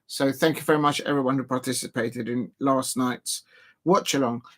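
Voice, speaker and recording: A man's voice: medium pitch, fairly even intonation, normal speed, fairly bright tone. A man casually chatting and commenting on a football match during a live watch-along stream, rambling with lots of fillers and restarts, sitting close to his desk microphone. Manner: rambling, self-deprecating, many fillers and restarts.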